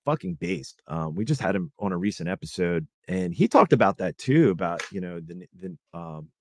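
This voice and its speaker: A man's voice: sits low, big pitch swings, moderate pace, gravelly, dry recording, studio quality. A man hosting a podcast, rambling casually with lots of fillers and swearing. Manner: rambling, profane, many fillers. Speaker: podcast host.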